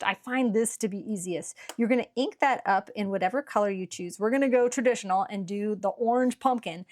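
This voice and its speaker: A woman hosting a relaxed craft tutorial, chatty and encouraging, with frequent fillers as she works at her table. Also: medium pitch. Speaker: card-making channel host.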